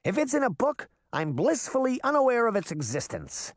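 A man's voice: very high voice, wildly swooping pitch, moderate pace, no echo, clean studio sound, voice pushed up, heavily acted. A man voicing a brash, cocky boy trickster fairy who teases and boasts. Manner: cocky, teasing.

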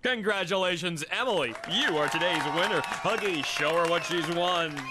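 A man's voice: high voice, normal speed, over a noisy crowd, very noisy, close to an everyday voice. An actor playing a showy male game show host in a cartoon segment. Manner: showy announcer delivery.

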